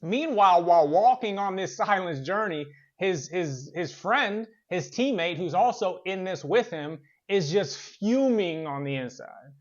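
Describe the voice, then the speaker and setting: Guy doing a motivational workplace talk, pretty high voice, earnest, kinda chatty with ums, muffled lo-fi sound. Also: animated, measured pace, few pauses. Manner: conversational, earnest, with fillers and repeats. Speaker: workplace trainer and motivational speaker.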